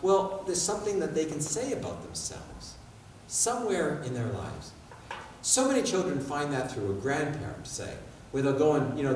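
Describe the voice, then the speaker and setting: A man giving a public talk in a school hall, telling stories in an animated way, with sound effects. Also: a little high, slight background noise. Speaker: guest speaker. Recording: echoey hall, far mic, faint ambience.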